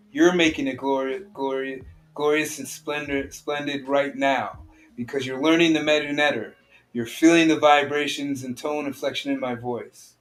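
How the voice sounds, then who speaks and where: A man teaching an online study group. He reads a text aloud line by line, explains each part in plain talk, and asks his listeners direct questions. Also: mid-range voice.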